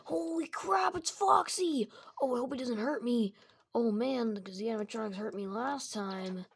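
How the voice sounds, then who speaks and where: A woman's voice: fairly high pitch, steady tone, normal speed, gravelly, dark tone, slightly rough. A woman voicing a jumpy young male night guard who talks in a goofy, easily scared way. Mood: excited.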